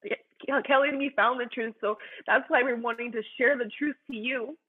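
A woman's voice: a little high, fairly even intonation, normal speed, husky. A young woman sharing her personal faith testimony, earnest and fervent, talking in a loose way full of "like" and "you know". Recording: tinny phone-like sound.

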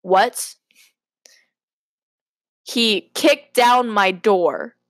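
A woman's voice: mid-range voice, extremely slow, no echo, studio quality. A young woman hosting a podcast, reading her old stories aloud and breaking off with giggling, self-mocking asides. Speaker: podcast host.

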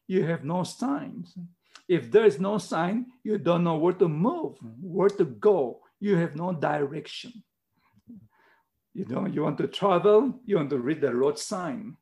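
A man's voice: fairly high pitch, darkish tone. A middle-aged man preaching a sermon in earnest, emphatic, simple English, repeating his key words. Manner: non-native English, simple phrasing.

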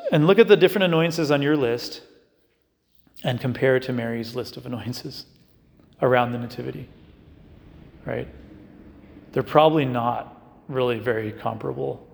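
A man's voice: medium pitch, normal speed, gravelly, pauses often, slight background noise. A man giving a conversational spiritual talk to young adults as a Catholic speaker, often checking in with "right?" and "you know". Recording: echoey hall.

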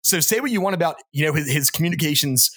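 A man's voice: on the high side, lively intonation, fast, fairly bright tone, breathy edge. A man co-hosting a podcast, talking in a casual political chat, emphatic and often repeating words as he builds his argument. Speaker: podcast co-host.

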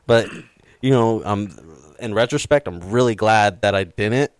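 A man's voice: on the low side, a little slow, smooth, no room sound, clean studio sound. A man telling a story casually in conversation, laughing easily. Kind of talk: casual chat.

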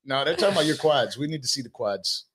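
A young man hosting a casual talk show, loud, joking and full of swearing. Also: mid-range voice, animated, fast talker, over a noisy crowd. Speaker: podcast host. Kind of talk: casual chat.

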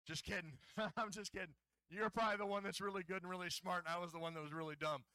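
Bright, high-voiced playful pastor. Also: male voice, steady tone, fast talker, no echo. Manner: playful, jokey, coaxes audience to join in. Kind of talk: sermon. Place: church hall.

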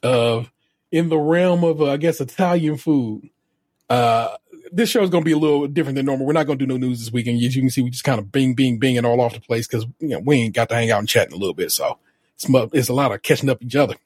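Laid-back husky man, dry sound. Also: mid-range voice, quick pace, darkish tone, dry recording. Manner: laid-back storytelling, profane. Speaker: podcast co-host. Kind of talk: casual chat.

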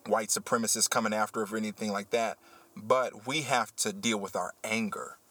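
A man who works as a teacher, hosting a casual podcast chat and telling a story with animated, heated energy. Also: lowish voice, fairly quick, no echo. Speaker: podcast host.

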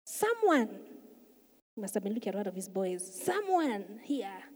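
A woman's voice: medium pitch, very animated, brisk. A woman pastor preaching a sermon, telling the story with emphatic, swelling delivery. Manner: emphatic storytelling, swelling louder for key points. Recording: long reverb of a large hall.

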